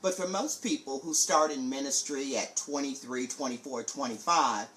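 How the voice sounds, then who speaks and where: A woman hosting a live-streamed teaching talk for preachers, speaking deliberately and enunciating carefully. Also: rumbling low, fairly bright tone, a little hiss or hum. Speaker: preaching teacher, show host.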